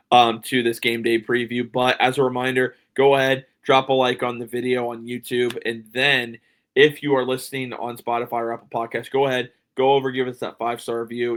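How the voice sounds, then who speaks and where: A man's voice: medium pitch, a bit bright. A man hosting a solo sports podcast, talking casually and with strong opinions, filling gaps with ums and restarts, a little sleepy. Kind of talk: solo sports preview talk.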